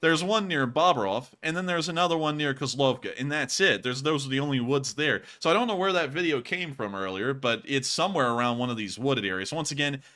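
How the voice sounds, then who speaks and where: Bright punchy guy hosting a livestream, animated and emphatic, laughs a lot. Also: mid-range voice, fairly quick, hardly any pauses. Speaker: host. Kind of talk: casual livestream news commentary.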